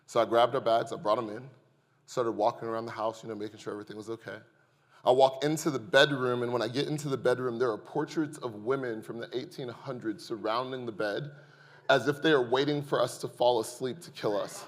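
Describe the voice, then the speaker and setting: Joking pastor preaching in a reverberant hall. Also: male voice, medium pitch, fairly quick. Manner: lively, joking storyteller who addresses the congregation. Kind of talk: sermon with humorous storytelling. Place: church sanctuary.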